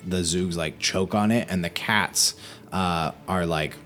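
A man with a fairly low voice runs a tabletop game. He narrates casually, with plenty of "uh" and "like", and laughs easily. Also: steady tone, unhurried, a bit bright, soft background music. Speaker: game master.

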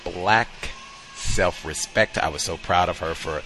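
A male talk show host telling a story in an emphatic, conversational way with drawn-out pauses. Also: low-pitched. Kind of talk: storytelling commentary.

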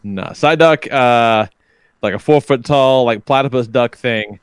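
A man's voice: medium pitch, unhurried, smooth, no echo, studio quality. A man in his thirties, a podcast host telling stories in a loose, profane casual chat. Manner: profane, animated storyteller.

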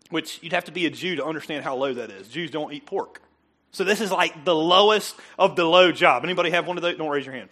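A man's voice: high voice, sharp tone. A middle-aged male pastor preaching a casual, conversational sermon, joking with the congregation and acting out quoted voices. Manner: chatty, joking asides, acts out quoted voices.

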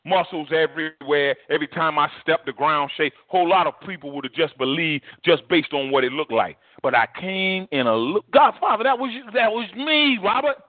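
A man voicing God as a calm, folksy, teasing figure in his sermon. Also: a little high, brisk, few pauses, no room sound, natural voice. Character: God, patient and knowing, speaking to a preacher. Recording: tinny phone-like dry recording.

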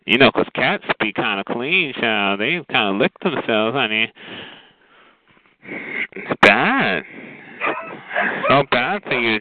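A man's voice: fairly low pitch, dry recording. Sassy man roasting over a phone line. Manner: sassy, drawling, calls others child and honey. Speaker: host of a call-in roast show.

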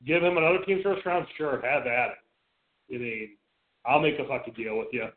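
This radio show co-host chats casually about sports, blunt and freely swearing, frequently stammering and starting over. His middle-pitched voice is expressive and moves at a normal speed. The sound is thin, narrow, and lo-fi, like a phone line.

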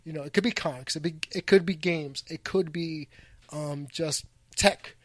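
A man from New York hosting a casual podcast chat, animated and joking, often restarting his sentences. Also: on the high side, moderate pace, dry recording. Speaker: podcast host.

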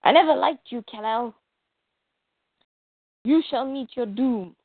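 Woman voicing a cold boastful rogue superhero, fairly high, tinny phone-like sound. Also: takes it slowly, no room sound. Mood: menacing. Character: arrogant mind-controlled young male superhero brother.

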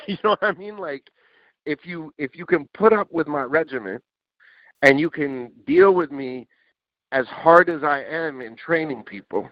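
Animated man telling stories, dull dry sound. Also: a little high, measured pace, no echo. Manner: animated, swears, acts out quotes. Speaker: interview guest, music producer. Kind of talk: casual storytelling.

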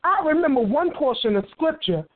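A woman with a high, sweeping voice preaches with passion, bursting into hallelujahs and circling back over her words. Her voice comes through thin and boxy, like a phone line. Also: very animated, a little fast. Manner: impassioned, bursts into hallelujahs, repeats phrases. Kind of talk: fervent preaching.

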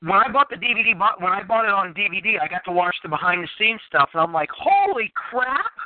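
A man's voice: high-pitched, quick pace, no echo. A man as a podcast guest, chatting enthusiastically and rambling with restarts. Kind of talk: casual chat. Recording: phone-like narrow sound, dry.

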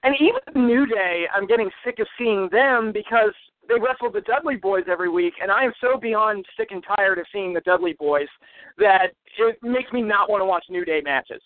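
High, lively, fed-up man on phone-line audio. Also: moderate pace, no room sound. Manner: blunt, fed-up ranting. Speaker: podcast co-host. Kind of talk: casual wrestling chat. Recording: dry, phone-like narrow sound.

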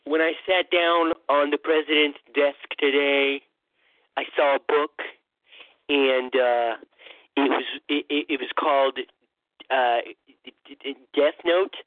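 A man's voice: mid-range voice, steady tone, a little slow, dry recording, lightly acted. A man putting on a boastful, rambling old male politician parody in a comedic impression monologue, stammering and repeating himself. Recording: tinny phone-like dry sound.

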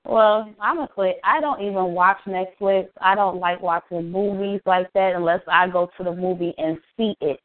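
A woman's voice: on the low side, normal speed, hardly any pauses. Agreeable woman co-host, phone-thin. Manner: agreeing, frequent backchannels. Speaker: radio show co-host. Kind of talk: casual chat. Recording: tinny phone-like sound.

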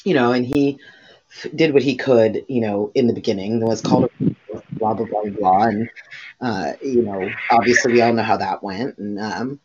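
This podcast co-host has a bass voice and speaks at a normal speed in casual chat, rambling, profane and full of fillers. The dull lo-fi recording has slight background noise.

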